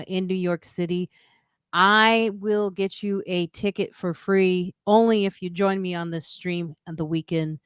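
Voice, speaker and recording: On her personal live stream, a woman comedian and podcast host keeps things loose, greeting people and reading their comments out. She remarks that she's using a weird low radio voice, which sounds smooth in a dry, clean studio recording.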